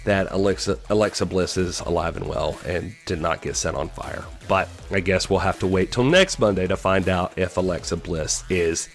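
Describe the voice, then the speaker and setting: A man hosting a podcast, giving a casual and opinionated wrestling recap with animated storytelling and exasperated asides. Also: lowish voice. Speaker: podcast host.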